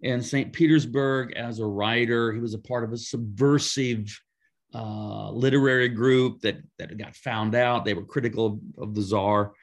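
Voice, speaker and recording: A man, a pastor and author, telling a story in a conversational interview, with lively emphatic asides. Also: mid-range voice, normal speed.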